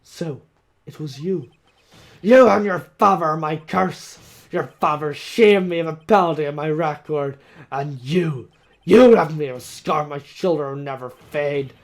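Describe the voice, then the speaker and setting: A man voicing a ruthless, proud older male prosecutor who snarls vengeful threats, his voice a little hoarse. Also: fairly high pitch, normal speed, close to an everyday voice. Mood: furious, vengeful.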